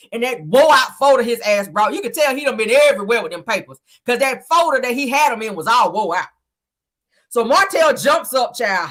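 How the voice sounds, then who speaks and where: A woman hosting a casual gossip recap, sassy and animated, laughing often and acting out quotes. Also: sits high. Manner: thanks viewers for stickers mid-talk. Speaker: reality TV recap host.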